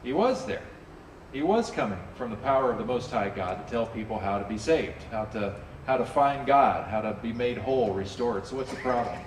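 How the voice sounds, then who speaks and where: Casual preacher in an echoey hall. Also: male voice, medium pitch, fairly quick, slight background noise. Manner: conversational, animated, drops in playful character asides. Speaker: pastor. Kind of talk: sermon. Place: church sanctuary with a congregation. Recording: roomy hall, distant mic, faint ambience.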